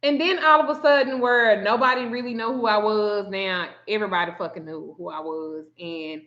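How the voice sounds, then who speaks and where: A woman telling a story in a casual chat, animated and profane, often acting out the quotes. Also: medium pitch, normal speed. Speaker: spiritual reader and vlogger. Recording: muffled lo-fi sound.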